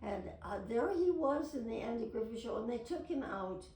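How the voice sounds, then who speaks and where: A woman's voice: a little high, lively intonation, normal speed, darkish tone. An older woman reminiscing to camera in a rambling, chatty way, with many restarts and side trails. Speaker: retired actress telling memories. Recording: roomy, distant recording with faint noise.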